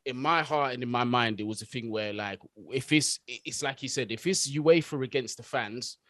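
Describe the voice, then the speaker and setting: Calm reflective guy, middle pitch, dry close mic, casual chat. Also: no echo. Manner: measured, reflective.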